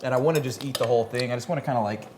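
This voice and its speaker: A man's voice: medium pitch, background noise. Upbeat male host in a kitchen. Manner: upbeat, with quick affirmations. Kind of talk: casual chat while cooking. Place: kitchen on a live show.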